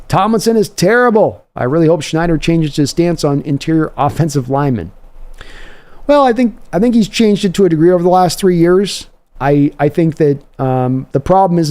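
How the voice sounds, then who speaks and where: A man's voice: a little high, dark tone. Guy doing a live football reaction stream, chatty analysis, lots of ums, reads out comments. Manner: conversational analysis with frequent fillers. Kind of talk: live play-by-play reaction and chat replies.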